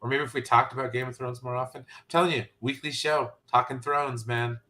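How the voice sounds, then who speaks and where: A man's voice: mid-range voice, fairly even intonation, a little fast, pushed and bright. A man co-hosting a casual chat over a video call, laid-back and peppering his talk with "dude" and "man". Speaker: co-host.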